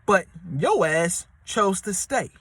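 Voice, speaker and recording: A man with a high, bright voice talks, rambling and repeating himself as he hands out relationship advice. His speech is loose and full of slang. It sounds dry and close, with no room echo. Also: expressive, takes it slowly, slightly rough. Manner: slangy, repetitive, street-talk delivery; acts out quoted voices in a high pitch. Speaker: advice vlogger. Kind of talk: casual advice monologue.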